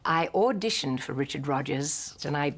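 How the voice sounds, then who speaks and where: An older woman narrating a documentary and telling personal anecdotes in a poised, measured way. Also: low voice, lively intonation.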